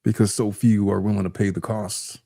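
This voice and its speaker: Blunt, wry man with a mellow voice. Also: lowish voice, flat delivery, fairly quick, vocal fry, no room sound, studio quality. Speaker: lawyer guest. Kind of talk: casual chat.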